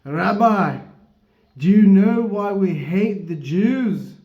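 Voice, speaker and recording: A man voicing a big, strong, blunt Scottish man in a put-on Scottish accent, speaking loud and slow. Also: high-pitched, expressive, pitched above the performer's own voice, heavily acted. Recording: dull, roomy recording.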